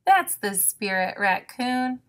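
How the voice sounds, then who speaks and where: A woman voicing a cheerful, excitable young duck in a picture-book reading, high and eager. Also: takes it slowly. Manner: bright, eager, exclaiming.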